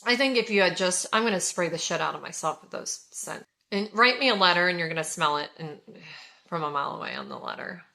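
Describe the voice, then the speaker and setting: This haul vlogger, a Californian woman in her forties, reviews scented products for viewers in a gushing, casual chat. Her lower-leaning voice is gravelly yet bright and pushed, expressive and brisk, and she's effusive throughout.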